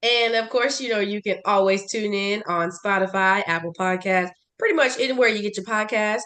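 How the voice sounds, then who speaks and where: A woman co-hosting a podcast in casual chat, jokey and quick to tease. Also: mid-range voice, fairly bright tone. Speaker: podcast co-host.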